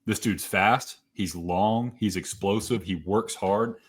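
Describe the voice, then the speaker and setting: A man's voice: lowish voice, slow, husky. A man co-hosting a casual sports podcast, talking confidently and rattling off player statistics. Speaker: podcast co-host.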